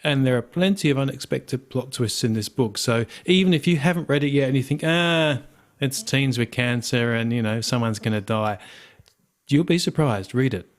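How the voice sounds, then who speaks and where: A man's voice: mid-range voice, normal speed. An Australian man co-hosting a book review podcast, speaking casually and laughing easily. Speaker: podcast co-host.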